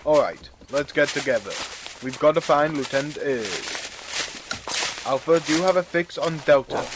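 A man voicing a brisk but easily muddled male rabbit captain. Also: on the high side, expressive, background noise, lightly acted. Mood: urgent.

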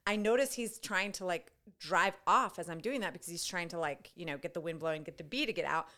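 A woman's voice: fairly low pitch, brisk, sharp tone. A middle-aged woman co-hosting a podcast, telling family stories in a chatty, good-humored way. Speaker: podcast co-host. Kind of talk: casual chat.

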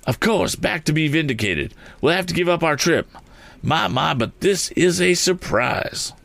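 A man voicing a fussy, excitable older gentleman in a read-aloud story, with raised pitch. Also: unhurried, gravelly, no room sound, full character voice. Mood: surprised.

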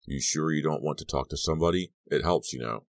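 A man reading as a calm, probing middle-aged school principal, measured and dryly sarcastic. The voice is extremely deep, and the recording is dry and close. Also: vocal fry, no echo. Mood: concerned. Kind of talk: audiobook narration.

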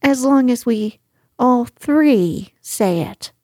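A woman's voice: high voice, animated, slow pace, darkish tone, dry recording, studio quality, pitched above the performer's own voice. A woman voicing a timid, anxious little male piglet in a storybook reading. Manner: eager, anxious.

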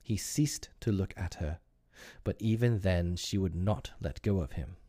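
A man reading a storybook aloud at an unhurried pace, with a low, mellow voice. He reads expressively and wryly, his tone rising and falling freely. The recording is close and completely dry. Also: no room sound. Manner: expressive and wry. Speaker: narrator. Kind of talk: storybook narration.

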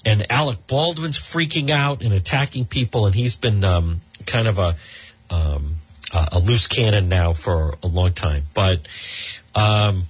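A man's voice: on the low side, unhurried, husky, no echo. A man in his fifties giving a rambling, gossipy commentary monologue as a talk show host, with many ums and restarts.

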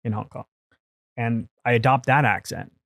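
A man from India talks as a podcast guest in an animated, storytelling way. He restarts sentences and swears casually, at a middling pitch, recorded close and dry with no room sound. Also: moderate pace, vocal fry, no room sound. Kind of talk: casual conversation.

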